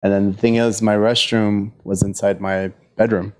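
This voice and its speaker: A man's voice: lowish voice, little pitch movement, normal speed, darkish tone. A man telling a long profane story in a casual podcast chat.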